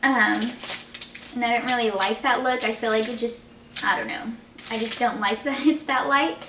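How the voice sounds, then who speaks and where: A young woman talks in a chatty, heartfelt way while doing her makeup, peppering her talk with fillers. Her voice sits a little high. She is set back from the camera mic in an echoey room at home. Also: fairly even intonation, moderate pace, recorded from a distance, very noisy. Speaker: beauty vlogger.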